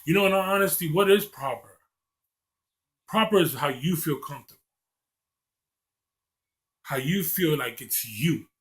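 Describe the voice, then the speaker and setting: A man's voice: on the high side, expressive, measured pace, long pauses, a bit bright. A young man from Maryland talking earnestly to camera in a rambling vlog monologue, often stumbling over the starts of his sentences. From Maryland, USA. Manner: earnest, rambling, repeats words when starting a thought. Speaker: vlogger.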